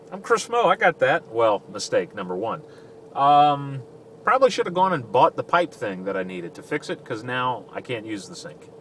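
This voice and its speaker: Driving and vlogging casually, this middle-aged southern Louisiana man, who fills in as a radio DJ, talks in a rambling, self-deprecating manner. His voice sits on the low side with a bit of brightness; the in-car mic is slightly distant and picks up faint road noise.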